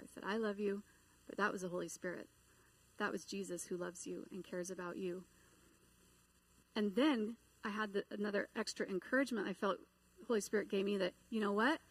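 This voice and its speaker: A middle-aged woman giving a sermon, telling a personal story in an animated way and acting out the voices she quotes. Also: mid-range voice, no room sound, low-quality recording. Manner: animated, acts out quoted voices and inner dialogue. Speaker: preacher.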